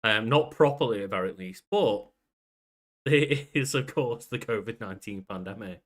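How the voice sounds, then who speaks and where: A man's voice: fairly low pitch, moderate pace, fairly bright tone. Chatty man co-hosting a podcast. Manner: chatty, laughs often, swears casually. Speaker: podcast co-host. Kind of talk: casual chat.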